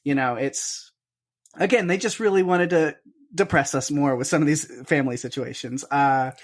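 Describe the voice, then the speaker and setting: A man co-hosting a podcast in casual chat, retelling scenes with lively quoted lines. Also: fairly high pitch, moderate pace. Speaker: podcast co-host.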